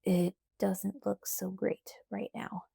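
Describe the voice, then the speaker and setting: A woman reading the lines of a young man in an audiobook, worried and angry, speaking low and urgently. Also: flat delivery, slow, gravelly, warm tone, husky, no echo, clean studio sound, exaggerated voice.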